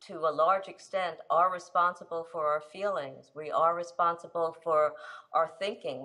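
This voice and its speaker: A woman guest on a studio panel, explaining in a measured way. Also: sits low, fairly bright tone. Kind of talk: panel discussion.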